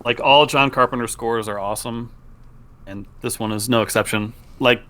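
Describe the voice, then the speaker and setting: A man's voice: medium pitch, steady tone, moderate pace, a bit bright. A man co-hosting a podcast in casual chat, easygoing, asking questions and laughing along. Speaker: podcast co-host. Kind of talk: casual chat about a film.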